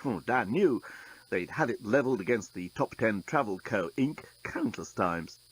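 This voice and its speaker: Husky-voiced man reading a story. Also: on the low side, expressive, moderate pace, low-quality recording. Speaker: narrator. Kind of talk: audiobook narration.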